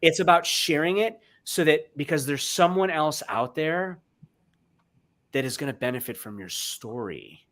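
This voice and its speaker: A man's voice: on the high side, animated, a little slow. Earnest man on a video call. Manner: earnest, emotional, swings between loud and hushed. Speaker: guest speaker. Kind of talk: heartfelt motivational chat.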